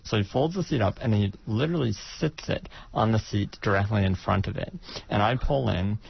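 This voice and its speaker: A man with a low, gravelly voice talks as a radio guest, telling a story and hesitating often with uhs. The recording sounds dull and lo-fi. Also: brisk, a little hiss or hum. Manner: storytelling with many filler uhs. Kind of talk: casual radio interview.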